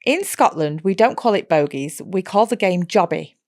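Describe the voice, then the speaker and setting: A woman's voice: fairly low pitch, lively intonation, normal speed, a little mellow, no echo, clean studio sound. A woman co-hosting a podcast in casual chat, reading listener emails aloud and telling rambling stories with frequent giggles.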